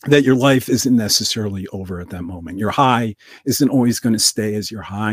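Man telling an animated story. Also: slightly rough, no room sound, studio quality. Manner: animated storyteller, lively pitch swings. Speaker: podcast guest. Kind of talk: casual podcast storytelling.

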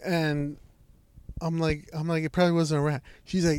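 A young man casually telling a long, profane, animated story, full of "I'm like" and "she's like". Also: on the high side, normal speed, clean tone, no room sound. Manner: rambling, profane, animated retelling with lots of "I'm like". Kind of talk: casual chat.

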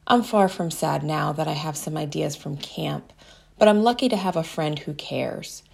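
Gravelly-voiced woman reading a story. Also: sits low, moderate pace. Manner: first-person storytelling as a young girl. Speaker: narrator. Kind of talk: reading a children's story aloud.

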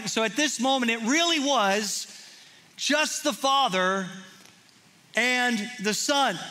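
A male pastor with a high, ringing voice delivers a heartfelt sermon. He tells a personal story with earnest feeling. At times he sinks into a soft, close hush. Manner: earnest storytelling, drops to hushed intimate tones.

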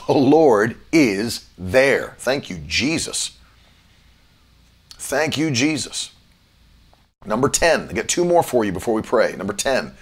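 A male preacher delivering an online sermon in an emphatic teaching voice. He slows right down on the phrases he wants to land and spells key words out letter by letter. His pitch sits in an ordinary middle range for a man.

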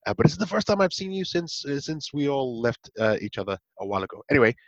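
A man with a raspy voice hosting a radio show over a video call, talking in a rambling, self-correcting way. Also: medium pitch, very animated, fast talker, no room sound, lo-fi sound. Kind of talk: casual radio chat.

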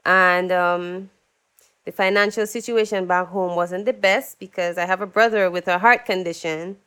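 A young woman, a singer being interviewed, telling stories in a lively way and acting out what people said. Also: lowish voice, moderate pace, smooth. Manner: animated storyteller, acts out quotes, laughs often. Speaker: guest, singer. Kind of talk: casual interview chat.

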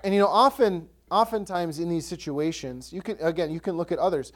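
A man's voice: fairly high pitch, brisk. A male pastor preaching a sermon, telling stories and acting out the voices of the people in them. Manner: animated storytelling, acts out voices.

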